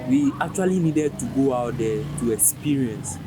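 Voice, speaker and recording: Earnest male vlogger, mid-pitch, reflective storytelling, music bed behind. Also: expressive, moderate pace. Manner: earnest, with restarts and repetition.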